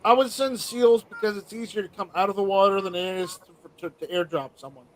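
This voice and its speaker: A man's voice: high-pitched, fairly quick, low-quality recording. A man in casual conversation, blunt and opinionated, stammering through restarts. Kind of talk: casual chat.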